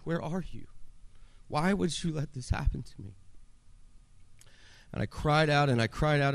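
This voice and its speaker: A man's voice: fairly low pitch, darkish tone, dry recording. A man in his forties telling his own life story to an audience as a personal testimony, earnest, acting out his past pleas.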